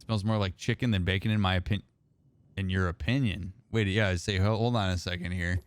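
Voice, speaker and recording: Chatty low-voiced man reading stream chat. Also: fairly even intonation, fairly quick, dry recording. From Indiana. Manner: chatty, answers chat messages as they come. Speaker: therapist streamer. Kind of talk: casual livestream chat while gaming.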